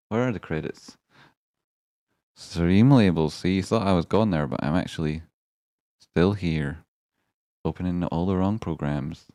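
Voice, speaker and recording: A man hosting a live stream in a rambling, excitable way, swearing now and then and swinging between grumbling and hype. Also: low voice, measured pace, pauses often, no echo, studio quality. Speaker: stand-in livestream host. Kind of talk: casual live-stream chat.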